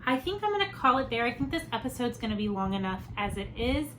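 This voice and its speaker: A woman hosting a crafts podcast, talking in a relaxed, rambling way and filling gaps with "you know". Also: a little high, fast, low-quality recording. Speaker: podcast host. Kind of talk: casual chat. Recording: steady background noise.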